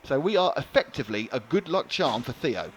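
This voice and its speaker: A man's voice: medium pitch, sing-song, brisk. Chatty man commentating a race. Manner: chatty, joking banter. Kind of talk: live commentary. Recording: light background noise.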